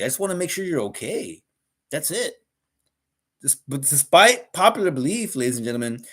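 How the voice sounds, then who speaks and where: A middle-aged man hosting a podcast, ranting bluntly and profanely in a casual monologue. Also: fairly high pitch. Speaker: podcast host. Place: live podcast recording.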